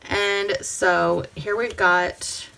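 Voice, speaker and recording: A woman from the Pacific Northwest hosts a crafting vlog, chatting casually with herself and her viewers while she works and at times lowering to a whisper. Her mid-range voice is gravelly and flat, very slow, with a little hiss or hum.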